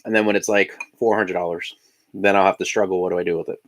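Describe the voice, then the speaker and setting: A man's voice: low voice, steady tone, quick pace. A man from Indiana hosting a casual live stream, chatting while he eats breakfast. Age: adult parent of young children. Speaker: live-stream host and collector.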